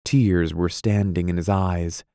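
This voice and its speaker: A man narrating a classic novel as an audiobook reader, even and unhurried. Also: low voice, clear, resonant tone, no echo, clean studio sound. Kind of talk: scripted narration.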